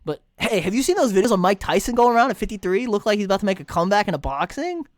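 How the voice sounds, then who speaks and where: A man co-hosting a sports podcast, retelling fights in an animated, chatty way with lots of fillers. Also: high-pitched, very fast, no echo, clean studio sound. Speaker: podcast co-host. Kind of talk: casual sports chat.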